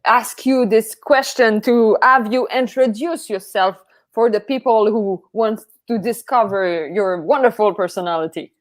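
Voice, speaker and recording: A woman with a French Canadian accent hosting a live-streamed puppetry podcast, effusive and eager, with halting restarts. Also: fairly high pitch. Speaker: podcast host.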